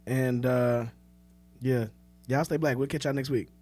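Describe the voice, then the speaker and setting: A man's voice: mid-range voice, fairly even intonation, a little slow, a little mellow. A man hosting a podcast, rambling casually through the sign-off with lots of fillers. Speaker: podcast host. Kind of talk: casual chat.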